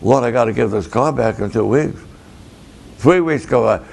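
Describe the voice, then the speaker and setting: A man, a pastor, telling a story slowly and dramatically, acting out both sides of the conversations. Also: medium pitch, gravelly, darkish tone. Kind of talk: storytelling sermon to camera.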